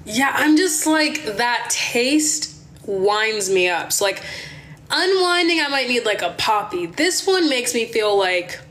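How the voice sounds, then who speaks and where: A young woman from Maryland telling a wild story on her phone livestream, chatty and animated, swearing and calling her viewers y'all. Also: fairly high pitch. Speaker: livestream host.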